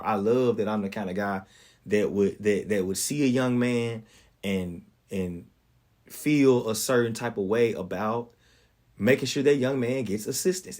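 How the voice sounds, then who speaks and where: A young man hosting a podcast, telling a personal story in an earnest, preacherly way and calling his listeners y'all. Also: fairly low pitch. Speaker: podcast host. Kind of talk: storytelling monologue.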